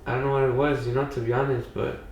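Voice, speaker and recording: A man's voice: medium pitch, flat delivery, fast talker, vocal fry, a little mellow, dull audio, a little hiss or hum. A young man from Los Angeles, a podcast guest telling a story in a rambling way, full of "you know" and "like". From Pacoima, Los Angeles. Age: young adult. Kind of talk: casual storytelling. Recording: echoey room, mic far off.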